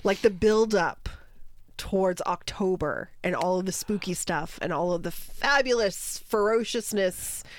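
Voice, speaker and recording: A woman's voice: mid-range voice, unhurried, no echo. A woman co-hosting a podcast in casual, playful chat, teasing her partner. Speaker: podcast co-host.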